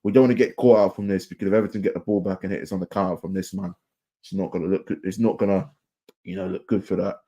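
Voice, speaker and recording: Young fan for a watchalong, low mellow voice, casual slangy play-by-play, shouts at players. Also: male voice, fairly even intonation, fast, breathy edge. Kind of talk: live match watchalong commentary.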